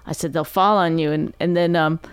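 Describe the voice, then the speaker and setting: A woman's voice: low voice, fairly even intonation, brisk, clear, resonant tone, no room sound. A woman in her forties, a comedian guest, chatting casually and wryly mocking herself. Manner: wry, self-mocking. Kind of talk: casual chat.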